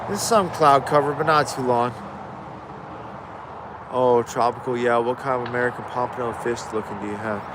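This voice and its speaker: A man's voice: mid-range voice, normal speed, noisy background. A man hosting a casual fishing livestream from his yard, rambling through viewer questions with frequent restarts. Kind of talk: casual live Q&A chat.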